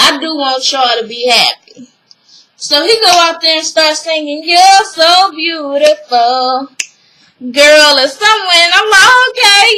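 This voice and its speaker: Animated woman recapping a show. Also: sits high, slight background noise, poor audio. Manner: animated, acts out characters' lines, laughs often. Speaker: vlogger recapping a TV episode. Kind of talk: casual recap chat.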